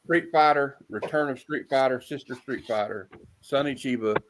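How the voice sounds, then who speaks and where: A man's voice: medium pitch, normal speed, fairly bright tone, a little hiss or hum, poor audio. A middle-aged man in casual chat, rambling and often restarting his sentences.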